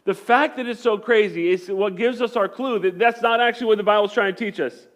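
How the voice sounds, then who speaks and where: A high-voiced male pastor preaches briskly in a conversational sermon, using emphatic repetition to press his points.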